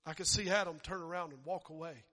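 A man preaching a storytelling sermon who builds to shouting fervor. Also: a little high, fast, big-room sound.

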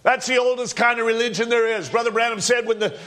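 A man's voice: very high-pitched, steady tone, quick pace, fairly bright tone. A man preaching an informal sermon in a conversational, joking, storytelling manner.

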